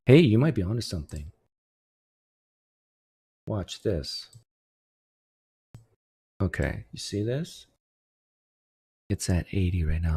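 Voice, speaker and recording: A man's voice: deep voice, sing-song, takes it slowly, pauses often, mellow, breathy edge. Sarcastic man troubleshooting his mic live. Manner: sarcastic, joking while fixing mic settings. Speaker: host. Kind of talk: casual livestream chat. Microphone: desktop streaming mic.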